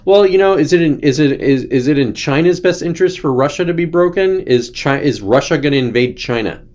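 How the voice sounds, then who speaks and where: A man's voice: medium pitch, a little fast, darkish tone. A man hosting his own show, talking in a loose, ranting, sarcastic way and often slipping into mocking quotes. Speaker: host. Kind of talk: casual political commentary.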